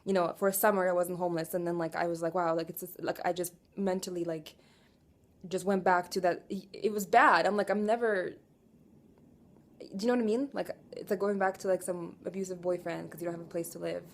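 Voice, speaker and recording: A woman in her twenties venting in an emotional confessional rant, raw and profane, swinging from quiet weariness to loud exasperation and asking again and again whether you follow her. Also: lowish voice, fairly even intonation, quick pace. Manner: raw, profane, keeps asking "do you know what I'm saying". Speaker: vlogger.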